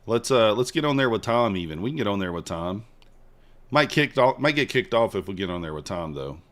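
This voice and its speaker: A man's voice: fairly low pitch, animated, a little fast, a bit bright. A man streaming live futures trades, chatting casually with his viewers, joking and hyping his trades. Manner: chatty, joking with chat, banters and hypes trades.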